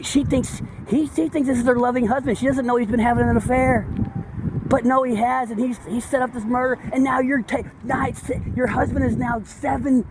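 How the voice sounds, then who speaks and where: Excitable guy with a high voice, slangy rambling commentary, bit of street noise behind. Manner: slangy, excitable, digressive, full of "dude" and "bro". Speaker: true-crime commentator.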